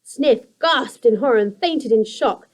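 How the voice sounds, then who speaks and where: A young adult woman teacher reading a children's story aloud in a steady, expressive storytelling manner. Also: fairly high pitch, unhurried, rough recording.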